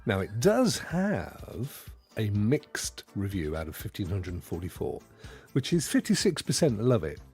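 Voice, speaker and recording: A man's voice: measured pace, soft background music. A British man co-hosting a casual gaming podcast, rambling and jokey. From United Kingdom. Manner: rambling, jokey, very lively pitch. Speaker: podcast co-host.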